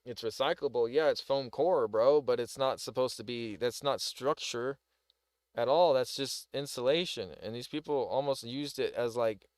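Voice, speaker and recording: A man's voice: mid-range voice, moderate pace, no echo. A man with a Southern US accent, ranting in a rambling, heated way while reacting to a news video on a live stream. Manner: rambling, heated, lots of "like" and "bro". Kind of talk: casual commentary on a news video.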